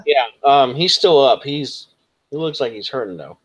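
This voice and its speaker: A man's voice: mid-range voice, lively intonation, moderate pace, breathy edge. A man narrating as game master of a tabletop game, in a laid-back way.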